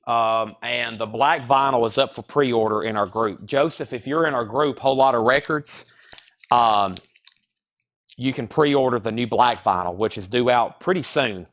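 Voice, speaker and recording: A man hosts a live vinyl sale from inside a record store. He talks at an ordinary mid pitch in easygoing sales patter, rattling off album titles and prices as he walks the shop floor. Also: moderate pace, fairly bright tone.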